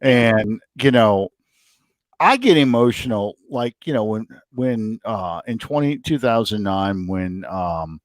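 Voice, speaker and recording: A middle-aged man co-hosting a casual sports chat from home, rambling and excitable as he tells his stories. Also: lowish voice, takes it slowly, no echo. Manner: excitable, rambling, animated storyteller. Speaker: podcast co-host. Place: home, room with a TV.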